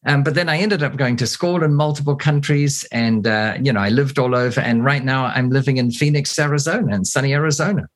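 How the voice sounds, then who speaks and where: A man with a New Zealand accent, an interview guest telling wry anecdotes in a relaxed way. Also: medium pitch, fairly quick, hardly any pauses. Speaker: guest, real estate investor. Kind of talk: relaxed storytelling interview answers.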